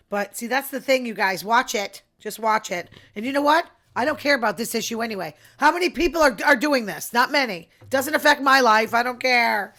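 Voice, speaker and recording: A woman's voice: mid-range voice, fairly bright tone. A woman hosting her own podcast, talking alone in a chatty, opinionated way and dropping into murmured asides. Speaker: podcast host. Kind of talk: casual solo podcast chat.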